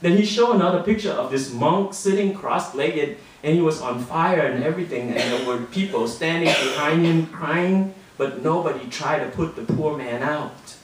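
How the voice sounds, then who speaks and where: A man reads his own short story to an audience in a fairly high, animated voice, taking on the lively tone of a boy narrator. The sound is very roomy, caught from well away from the mic. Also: moderate pace, hardly any pauses, a little hiss or hum. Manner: voices a boy narrator, lively with rising pitch in quoted lines. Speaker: author reading his fiction. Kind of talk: public reading of a short story. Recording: roomy and distant, heard from across the room.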